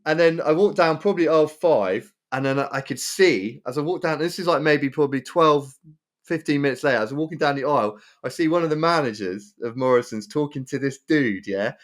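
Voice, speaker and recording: A man telling a story in casual podcast chat, animated and prone to repeating himself. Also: a little high, fairly quick. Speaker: podcast co-host.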